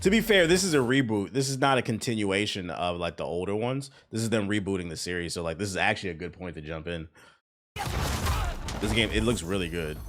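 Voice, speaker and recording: A man's voice: low voice, lively intonation, brisk, a bit bright, a little hiss or hum. A young man reacting to a game preview in casual commentary, brash, joking and profane.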